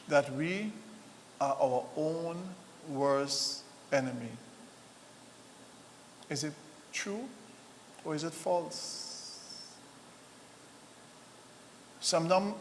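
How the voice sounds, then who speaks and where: A man's voice: a little high, a bit bright, slight background noise. A man hosting a live talk show, preaching and firing off rhetorical questions. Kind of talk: impassioned live commentary. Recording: long hall reverb.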